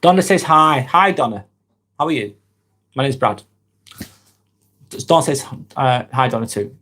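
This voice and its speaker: A man in his forties with a Lancashire accent from near Manchester chats through a live stream. He reads out viewer comments and answers each person by name in a friendly, thoughtful way. His voice sits at an ordinary middle pitch for a man. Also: animated, a little slow, a bit bright. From Northwest England. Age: 40s. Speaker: live vlog host. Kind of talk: casual live-stream chat.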